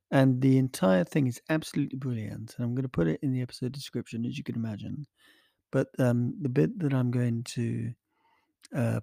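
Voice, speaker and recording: A man's voice: medium pitch, creaky, warm tone, dry recording, studio quality. A man hosting a podcast, chatting casually through a rambling, hesitant, self-mocking intro. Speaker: podcast host.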